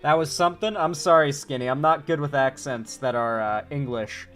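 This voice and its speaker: Male streamer, slightly high voice, casual and profane, faint music behind. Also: brisk, fairly bright tone. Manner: casual, swearing, reading chat aloud. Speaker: streamer and political commentator. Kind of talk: casual livestream commentary.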